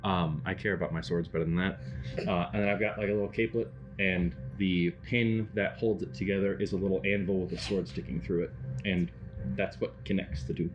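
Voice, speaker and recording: A man's voice: sits low, fairly even intonation, brisk. A man in a tabletop game, casually describing his character's gear. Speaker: tabletop player. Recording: dull lo-fi audio with music behind.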